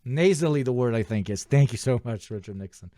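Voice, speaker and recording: Balkan-raised streamer reacting live: rambling, profane, self-mocking, mid-pitched, dry close sound. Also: male voice, lively intonation, brisk, dark tone, dry recording. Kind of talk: casual livestream commentary.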